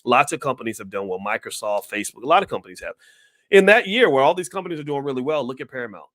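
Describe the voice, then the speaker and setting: A man's voice: medium pitch, big pitch swings, racing, fairly bright tone. A man giving heated, rambling commentary straight to his viewers, asking them questions and preaching his point. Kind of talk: direct-to-camera commentary.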